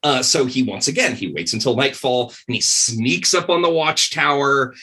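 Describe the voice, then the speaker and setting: Animated, husky-voiced man telling a story. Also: mid-range voice, normal speed. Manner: rambling, animated, many fillers. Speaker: podcast guest, game designer. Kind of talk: casual podcast storytelling.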